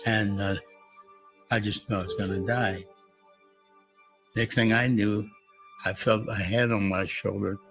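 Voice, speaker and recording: An elderly man in his nineties recounts his wartime experiences in a vivid, plain-spoken style. His voice is gravelly and lowish, and soft music plays beneath it. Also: level tone, moderate pace, long pauses, poor audio. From United States. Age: 90s. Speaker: war veteran interviewee. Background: background music.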